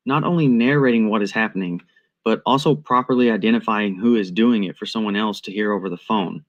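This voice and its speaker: Measured, analytical man narrating a commentary. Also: lowish voice.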